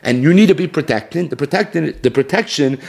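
A man giving a Talmud class lecture, quoting a passage and then explaining it in quick, emphatic bursts. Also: on the high side, expressive, creaky, darkish tone. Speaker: Talmud teacher.

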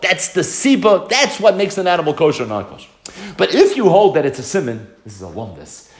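Animated man giving an echoey Talmud lecture. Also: a little high. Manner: animated, rhetorical questions, mixes Hebrew and Yiddish terms. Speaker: Talmud teacher.

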